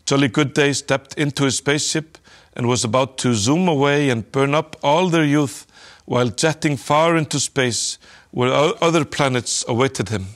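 A man narrating a children's storybook aloud in a calm, measured way. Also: medium pitch.

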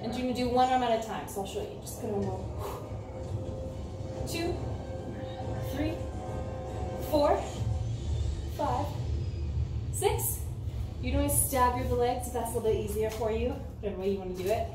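Her pitch fairly high and her pace moderate, this US fitness coach leaves long pauses as she leads a home workout, counting reps and slightly winded. A camera set back in a ceiling-fan room captures her, giving a roomy, far-off recording over background music.

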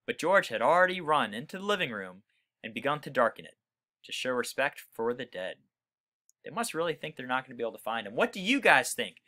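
A man reading a children's book aloud, pausing to explain words to young listeners in a friendly way. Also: medium pitch, very animated, sharp tone. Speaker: reader for children.

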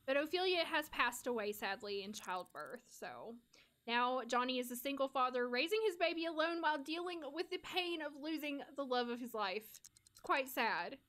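Her voice sits high and a bit bright, and she talks a little fast. An American woman streaming a life-sim game, she keeps up casual, giggly banter, often laughing and answering what her chat says.

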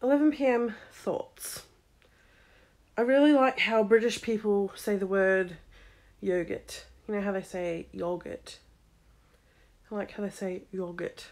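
A woman's voice: medium pitch, steady tone, unhurried, darkish tone. A young woman talking casually in a day-in-the-life vlog, candid and rambling with plenty of ums and likes. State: congested with a cold. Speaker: vlogger.

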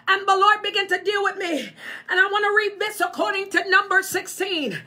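A woman's voice: extremely high pitch, moderate pace, bright, forceful tone. A woman preaching an impassioned sermon, fervent and crying out in bursts.

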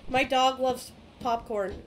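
A young woman chatting over voice while playing a game, relaxed and chatty, telling little stories about her pets. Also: high-pitched, takes it slowly, a little hiss or hum. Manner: laid-back, chatty storyteller. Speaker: co-streamer. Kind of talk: casual chat while gaming.

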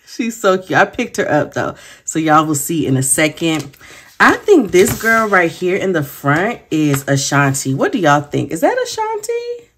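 A woman speaks in a low voice, chatting casually to her viewers. She is giggly and effusive, calling everyone y'all. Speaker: planner sticker vlogger. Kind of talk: casual chat.

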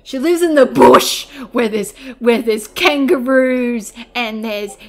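A woman's voice: a little high, expressive, takes it slowly, crowd noise. A woman voice actor rambling between takes in a playful, mock-annoyed way. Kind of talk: blooper outtakes, casual chat.

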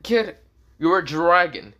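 A man's voice: on the high side, animated, slow pace, pushed and bright, pitched above the performer's own voice, heavily acted. A man voicing an irritable, crude male dragon who bickers and swears at his host boy. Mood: bewildered.

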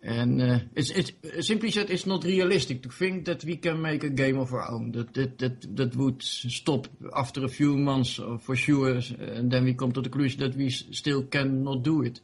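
A man's voice: mid-range voice, fairly even intonation, normal speed, few pauses, slightly rough. A man being interviewed about his game mod, talking casually with many fillers and restarts. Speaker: interview guest, game modder.

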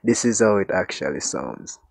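Animated and speaking at normal speed, this man has a lowish voice with vocal fry as he hosts a casual tech unboxing vlog, loosely repeating "actually" and "like." Faint music plays under the raw, unedited recording from a USB desktop mic held close to his mouth.

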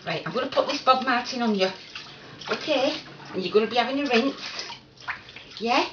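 Woman, chatty home vlogger, sing-song cooing, fairly high and very lively voice, echoey room, running water behind. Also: normal speed, pauses often, noisy background. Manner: chatty, coos and sing-songs to her dog. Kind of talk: casual home vlog. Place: indoors at a sink, small room. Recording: echoey room, voice far from the mic, dull sound. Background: running water and splashing.

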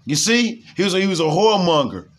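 A man reading news headlines slowly aloud, then riffing on them in loose, repetitive casual commentary, tagging his sentences with "man" and "you see?". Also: sits high, sing-song.

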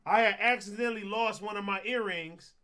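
A young man from Compton, a streamer host telling a story in an animated, profane way and acting out what people said. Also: sits high, brisk. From Compton, California. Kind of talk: casual storytelling on a livestream.

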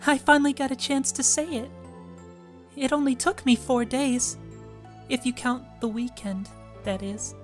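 A man voicing a cheerful, eager teenage schoolgirl in a high, sweet, girlish voice while reading a visual novel aloud. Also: steady tone, unhurried, pauses often, soft background music. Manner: bright high put-on girlish voice, breathless and sweet.

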